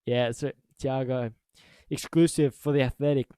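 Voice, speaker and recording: A man making a football reaction vlog, excitable, repeating his exclamations and laughing loudly. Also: mid-range voice, normal speed, clean tone, no room sound. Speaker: football fan YouTuber.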